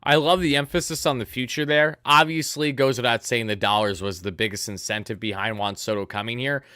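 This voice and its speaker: A man in his twenties talking earnestly on a casual sports livestream. His voice is smooth and clear at a middle pitch. The sound is dry and close, with no room around it. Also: steady tone, brisk, sharp tone, dry recording. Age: 20s. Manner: earnest and emotional, reading out viewer donations. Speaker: livestream host.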